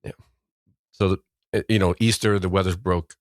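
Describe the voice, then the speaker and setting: A middle-aged man, co-hosting a casual podcast and telling rambling stories, with loud acted-out quotes. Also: low voice, steady tone, moderate pace, no room sound, studio quality. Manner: rambling storyteller, acts out quotes loudly. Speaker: podcast co-host. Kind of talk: casual chat.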